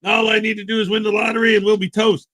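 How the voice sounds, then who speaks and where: A man's voice: high-pitched, little pitch movement, quick pace, heavy background noise. Jokey male livestream host. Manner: jokey, upbeat, greets chat viewers by name. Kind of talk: casual livestream morning show.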